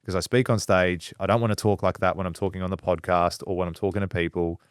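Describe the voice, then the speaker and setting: Male podcast co-host, low voice, dry room, casual storyteller. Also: fairly even intonation, fast, clear, resonant tone, no echo. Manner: storytelling, quotes people in dialogue. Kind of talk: casual chat.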